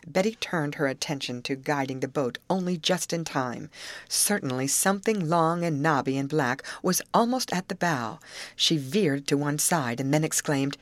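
A woman reading a novel aloud as an audiobook narrator, expressive and giving each character a voice. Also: low-pitched, normal speed, dry recording.

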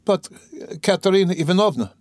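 An anxious, fretful young woman, as a male audiobook reader puts her on, her voice lifted well above his own. She speaks softly and pleadingly. The sound is close and dry. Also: medium pitch, moderate pace, no echo, voice pushed up, close to an everyday voice. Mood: distressed.

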